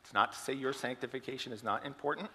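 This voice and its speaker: A man's voice: mid-range voice, fast, sharp tone, in a large hall, slight background noise. A man giving a sermon, telling an illustrative story and asking the congregation questions. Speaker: preacher.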